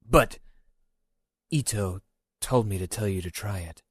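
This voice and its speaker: A man's voice: lowish voice, measured pace, breathy edge, no room sound. A man doing a sly, teasing young woman. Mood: insistent. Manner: soft, coy, sometimes hushed.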